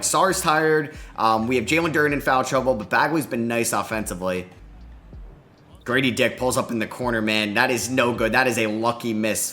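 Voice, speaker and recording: A young man giving lively, excitable commentary over a basketball video game he is playing. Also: medium pitch. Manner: excitable, groans and cheers at plays. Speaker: gaming commentator.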